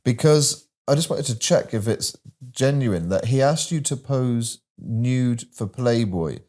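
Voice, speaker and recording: A man hosting an interview, admiring and asking his guest gentle questions. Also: medium pitch, unhurried. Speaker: interview host. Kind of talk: interview chat.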